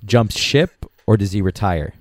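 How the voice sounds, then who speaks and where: A man's voice: on the low side, animated, a little slow, a little hiss or hum. A man co-hosting a sports podcast, talking while chewing gum. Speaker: podcast co-host. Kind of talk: casual sports chat.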